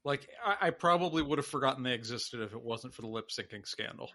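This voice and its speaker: A man co-hosting a casual podcast, dry and deadpan, who also reads the show plugs. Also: mid-range voice, fast. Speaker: podcast co-host. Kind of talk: casual chat.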